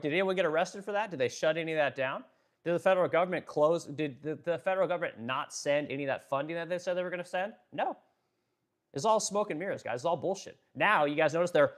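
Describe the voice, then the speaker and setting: A man hosting a political livestream, ranting, swearing freely, using many fillers, and stopping to read and answer viewer chat. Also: a little high. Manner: fast-talking, ranting, profane, filler-heavy. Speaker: livestream host.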